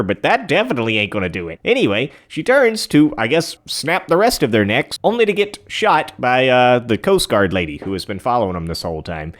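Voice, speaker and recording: A man casually recapping a movie for laughs, rambling with fillers and sarcastic, self-deprecating asides. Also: medium pitch. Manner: sarcastic, rambling, mocks the film.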